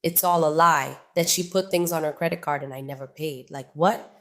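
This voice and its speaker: A woman's voice: low-pitched, brisk. Chatty woman telling a story. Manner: chatty, animated, addresses viewers as guys. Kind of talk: casual storytime vlog.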